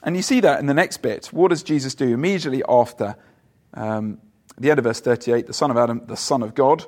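A man preaching a sermon in a conversational way, asking his listeners questions and pausing on fillers. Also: medium pitch, a little mellow.

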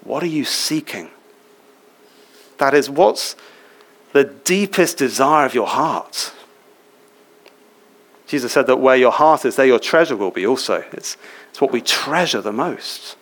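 Male preacher, conversational sermon, asks questions of the congregation, mid-pitched. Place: church.

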